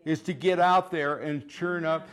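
A man preaching with fervent conviction, his fairly high voice pressing key phrases again and again. He swings from loud declarations to quiet, chuckling asides as he drives each point home. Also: steady tone, measured pace, smooth. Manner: fervent, rising and falling in loudness, chuckles between points; repeats phrases for emphasis. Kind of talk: sermon.

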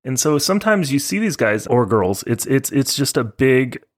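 A man's voice: medium pitch, very animated, moderate pace. A man co-hosting a podcast, talking casually in an easygoing, joking way. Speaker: podcast co-host. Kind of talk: casual chat.

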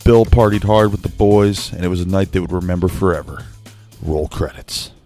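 A man's voice: low voice, fairly even intonation, quick pace, dark tone, faint music behind. Chatty young man telling a story. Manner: chatty, laughs at himself, apologetic asides. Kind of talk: casual storytelling. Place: home at night, kept quiet.

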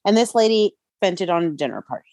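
A woman's voice: fairly low pitch, fast, no room sound. A woman co-hosting a casual podcast, recapping a TV episode and animatedly acting out what people said. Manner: animated, acts out quotes from the show. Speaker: podcast co-host.

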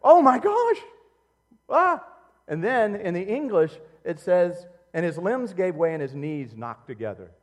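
A middle-aged man preaching a sermon as a pastor, swinging between loud emphatic outbursts and quiet, low, intimate passages. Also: lively intonation, normal speed, hardly any pauses, long reverb tail.

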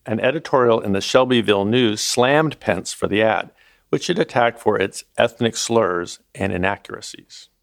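A man narrating a documentary as its host, in a measured, scripted delivery. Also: lowish voice, creaky, dry recording, studio quality.

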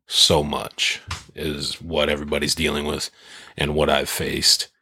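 Low husky guy telling a story, cussing a lot, dry close mic. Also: a little slow, dry recording. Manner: profane, animated storyteller. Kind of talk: casual chat.

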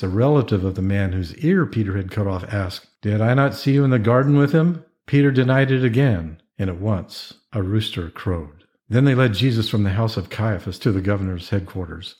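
A man reading scripture aloud in a steady, measured narration. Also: on the low side. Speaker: scripture reader.

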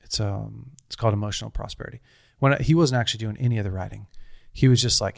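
A man's voice: lowish voice, fast, vocal fry, no echo, clean studio sound. A man in his thirties telling a personal story in casual conversation, earnest and rambling, with frequent restarts.

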